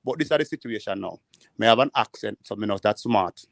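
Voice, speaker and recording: A Jamaican man telling rambling, animated stories in patois during a casual panel chat. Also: on the low side, brisk, vocal fry, no room sound, studio quality. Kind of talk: casual storytelling. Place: living in the United States.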